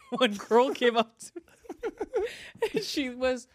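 Animated woman podcast host. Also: sits high, slow pace, slight background noise. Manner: animated storyteller, laughs often, acts out quotes. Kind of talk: casual chat and read ads.

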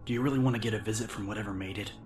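A man's voice: lowish voice, rapid-fire, close to an everyday voice. A man voicing a determined young male police officer who speaks firmly and urgently. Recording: music bed under the reading.

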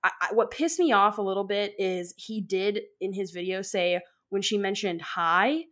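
A woman co-hosting a podcast in casual chat, rambling and excitable, filling her talk with "like.". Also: mid-range voice, moderate pace. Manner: rambling, fills with "like"; excitable, laughs often. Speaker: podcast co-host.

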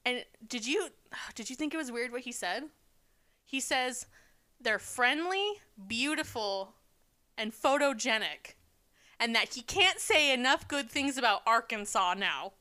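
Bright, clear-voiced chatty woman. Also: a little high, expressive. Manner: chatty, filler-heavy, quick to laugh. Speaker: podcast co-host. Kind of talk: casual chat recapping a TV show.

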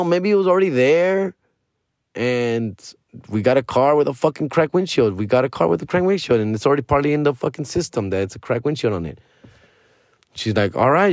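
Male podcast host, casual storyteller with a profane, animated delivery, close dry mic. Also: mid-range voice, no echo. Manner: profane, animated retelling with quoted dialogue.

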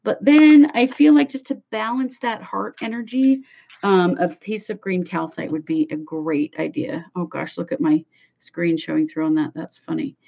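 Woman, lowish voice, relaxed and gentle, dull lo-fi audio. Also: moderate pace, vocal fry. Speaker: crystal advisor, co-host. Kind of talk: casual livestream chat.

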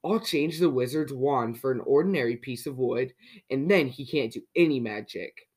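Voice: mid-range voice, moderate pace, darkish tone, natural voice. A small, mischievous storybook prankster who can't stop giggling at his own tricks, as a reader puts him on. He sounds gleeful and a little sly, a cheeky little fellow from a children's picture book. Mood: scheming. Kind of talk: storybook read-aloud.

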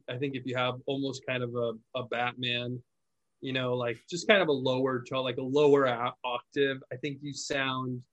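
A man hosts a casual podcast conversation about phone sales. He talks in a loose, explanatory way and often circles back to restart his sentences. His voice sits at an ordinary middle pitch. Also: low-quality recording. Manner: relaxed, explanatory, repeats and restarts words. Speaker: podcast host, call center owner.

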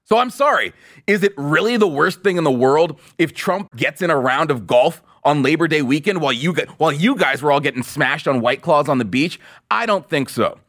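A man hosting a political commentary podcast, full of sarcasm and mockery. His voice sits fairly high for a man and swings widely in pitch. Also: a little fast. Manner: sarcastic, mocking and animated. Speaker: podcast host.

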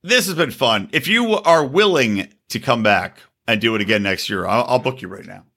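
A man hosting a podcast while drunk, his bright voice bouncing up and down. He rambles and slurs a little, boisterous and loose. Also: mid-range voice, animated, normal speed. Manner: boisterous, slightly slurred. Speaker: podcast host. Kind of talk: casual drunk banter.

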